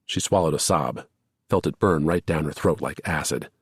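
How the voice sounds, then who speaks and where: A male audiobook narrator with a deep, husky voice reads scripted narration at normal speed. The recording is dry and clean, with studio sound.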